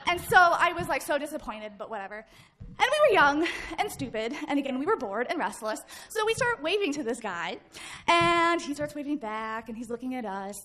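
A woman in her thirties tells a personal story to a live audience. Her voice sits high and sounds bright. She tells it with energy, acts out shouts and laughs along the way. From Midwest United States. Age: 30s. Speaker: guest speaker.

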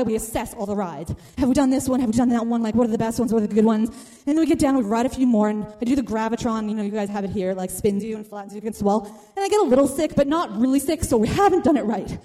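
A woman telling a funny personal story to a live audience, animated and acting out the people in it. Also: a little high.

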